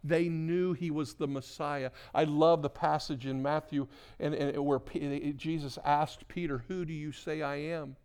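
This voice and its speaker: A man's voice: a little high, fairly even intonation, a little slow, few pauses, clear, resonant tone. Male pastor preaching with rising intensity. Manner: builds to loud emphatic preaching, then soft hushed prayer; repeats words and restarts mid-phrase. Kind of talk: sermon.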